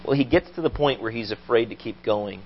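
Male preacher telling sermon stories with animated delivery, dull low-fi church recording. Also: fairly quick, a little hiss or hum. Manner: animated storytelling, rising to loud acted quotes.

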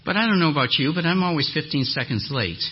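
A man preaching a sermon as a guest speaker, telling a lively story and acting out the voices of the people in it. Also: a little high, fast talker, slightly rough, lo-fi sound. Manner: animated storyteller, acts out quoted voices. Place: church hall.

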